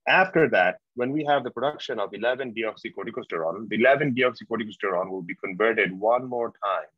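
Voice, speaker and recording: A man giving a medical exam prep lecture, slow and repetitive, quizzing his students as he goes. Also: lowish voice, slightly rough, dry recording. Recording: dull, dry lo-fi lecture recording.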